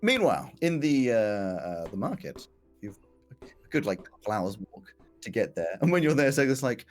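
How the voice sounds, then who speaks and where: A man narrating a tabletop game as game master, descriptive and halting, with many restarts. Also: fairly low pitch, very animated, soft background music.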